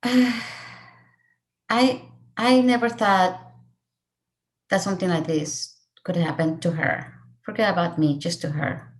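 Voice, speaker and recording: A middle-aged woman raised in Mexico tells a student audience a personal story of loss, earnest and emotional, her voice rising and falling with feeling. She speaks slowly at a fairly low pitch, leaving long pauses.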